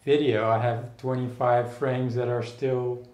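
In a casual interview conversation, an artist guest from the Netherlands muses in an echoey room with a level, slightly mellow mid-range voice. He comes across as thoughtful yet halting, often restarting and filling pauses.

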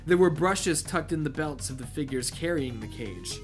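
A man's voice: a little high, animated, normal speed, music in the background. Man reading a novel with wry asides. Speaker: channel host reading a novel aloud. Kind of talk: comedic novel read-through with commentary.

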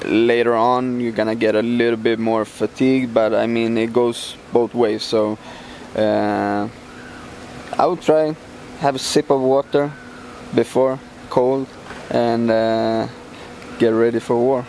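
A man who fights professionally speaks in a middle-range voice, answering questions in a relaxed, halting way full of fillers. A faint hum sits behind him. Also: mid-range voice. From Sweden. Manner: halting, many fillers and restarts. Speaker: MMA fighter, champion. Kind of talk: casual interview answers.

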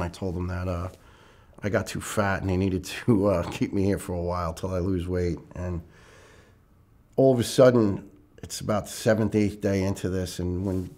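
A middle-aged man with a fairly low voice recounts a hard personal story in an interview. He speaks with earnest emotion and slips into the voices of the people he quotes. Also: a little mellow. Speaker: retired firefighter lieutenant.

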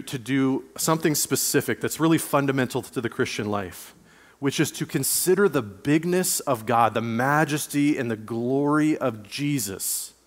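A man preaching a sermon as pastor, speaking conversationally and reading scripture aloud. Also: mid-range voice. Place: church sanctuary. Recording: long church hall reverb.

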